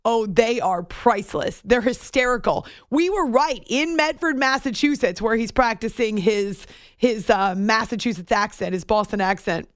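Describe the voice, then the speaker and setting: A woman's voice: fairly high pitch, lively intonation, moderate pace, no echo, clean studio sound. A woman hosting a morning radio show, chatting casually and self-deprecatingly, laughing often.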